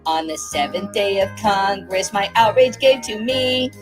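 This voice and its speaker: A voice singing a slow parody carol as a mocking political figure, over backing music. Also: medium pitch, expressive, close to an everyday voice. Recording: song with loud backing music.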